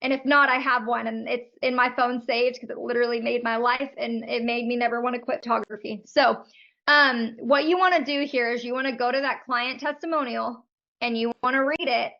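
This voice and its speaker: A woman's voice: a little high, steady tone, fairly quick, creaky, dull audio. A woman coaching photographers on a live video call, talking in a friendly, frank and chatty way.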